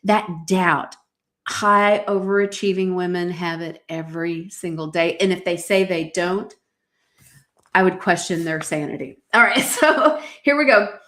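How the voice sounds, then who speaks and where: A woman's voice: fairly low pitch, measured pace, a bit bright. A woman hosting a motivational podcast, reading from her own journal with emphatic, preacher-like exhortations and frequent fillers. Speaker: podcast host.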